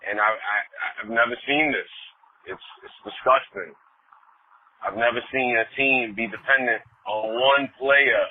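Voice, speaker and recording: A man in his forties, a caller on a sports talk show, ranting angrily about his team with swearing and loud outbursts. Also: medium pitch, a little slow, husky. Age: 40s. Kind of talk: angry sports fan rant. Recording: tinny phone line.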